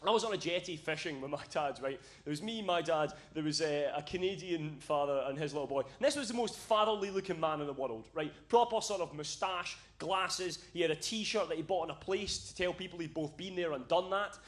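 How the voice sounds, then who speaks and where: High-voiced young Scottish-raised comic. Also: male voice, fairly quick, hardly any pauses. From Scotland. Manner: storytelling with swearing and acted-out voices. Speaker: stand-up comedian. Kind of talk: stand-up comedy set. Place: comedy club stage with audience laughter.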